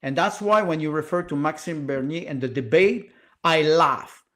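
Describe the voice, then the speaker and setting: A man's voice: a little high, normal speed, fairly bright tone. A Canadian man and writer, arguing politics in a podcast panel in an impassioned, emphatic way, repeating points for force.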